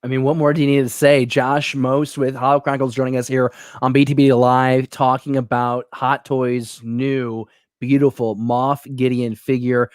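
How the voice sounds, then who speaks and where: A man hosting a live show, talking in an energetic, rambling, joking way, reading out fan questions. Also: mid-range voice, normal speed, clean tone, no room sound, clean studio sound. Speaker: host.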